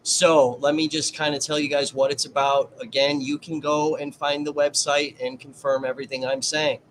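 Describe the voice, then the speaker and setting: A man's voice: fairly high pitch, flat delivery, normal speed, slight background noise, poor audio. A man hosting a casual livestream, chatting to his viewers and commenting on a trial. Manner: chatty, addresses viewers directly.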